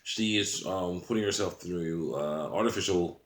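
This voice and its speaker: A channel host with a deep, low voice rambles through a casual monologue at a moderate pace, chuckling often between sentences. A roomy echo suggests he's recording in a bare room.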